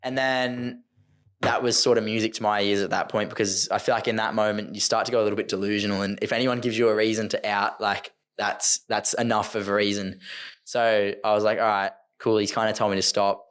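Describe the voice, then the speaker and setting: A man's voice: lowish voice, flat delivery, a little fast, a bit bright, clear, resonant tone. A man, an ultra runner who tells his story loosely and rambles on a podcast. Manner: loose, rambling, full of "like" fillers. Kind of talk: casual podcast conversation.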